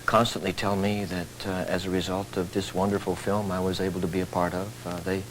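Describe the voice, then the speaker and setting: A man's voice: deep voice, level tone, a little fast, slight background noise, rough recording. A middle-aged man from Texas, a stage actor speaking earnestly, with dry humor, as a TV talk show guest. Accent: Texan.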